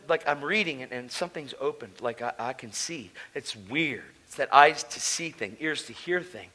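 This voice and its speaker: A man telling his testimony at a conference, animated and casual, swinging between loud bursts and hushed asides. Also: a little high, rough recording. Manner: casual slangy talk. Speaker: conference speaker. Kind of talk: preaching personal testimony. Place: conference hall, live audience.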